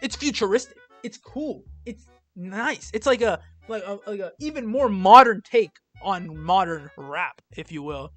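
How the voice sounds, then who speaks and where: A man's voice: high voice, lively intonation, unhurried, a bit bright, soft background music. Blunt, rambling young man ranting. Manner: blunt, sarcastic, rambling with many fillers. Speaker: video creator ranking albums. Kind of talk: casual rant-style commentary.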